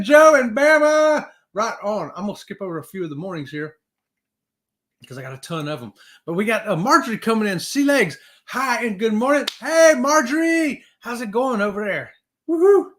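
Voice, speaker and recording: Upbeat high-voiced male livestream host. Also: fairly bright tone. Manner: upbeat, reads viewer comments aloud, laughs often. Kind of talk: casual livestream chat.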